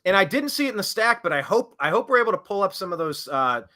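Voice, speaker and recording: A man's voice: sits high, very animated, fast, bright, forceful tone. A man co-hosting a political talk show, sarcastic and playful in his banter. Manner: playful, mock-serious, sarcastic. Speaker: co-host.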